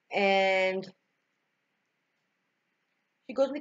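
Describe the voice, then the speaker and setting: A woman's voice: medium pitch, lively intonation, unhurried, pauses often, dull audio. A young woman vlogging to camera, telling a personal story with emotion, laughing and sighing at times. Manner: emotional, tearful at times, frequent laughs and sighs.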